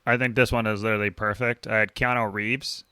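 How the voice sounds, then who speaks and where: A man's voice: on the low side, level tone, fairly quick, bright, forceful tone, clear, resonant tone, no echo, studio quality. A young adult man co-hosting a book club podcast in casual chat, joking around and laughing often. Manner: jokey, reads quotes aloud, laughs often. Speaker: podcast co-host.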